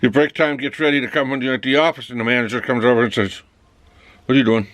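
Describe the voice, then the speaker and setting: A man's voice: mid-range voice, very fast, fairly bright tone, dry recording. A man talking casually in a rambling monologue, acting out both sides of little office dialogues. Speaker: vlogger.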